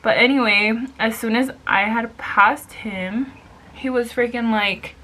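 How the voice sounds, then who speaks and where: Young woman doing her makeup n telling a story, bright voice, swears a lot, drops some spanish. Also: on the high side, a little slow. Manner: chatty, swears freely, mixes in Spanish phrases. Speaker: beauty vlogger.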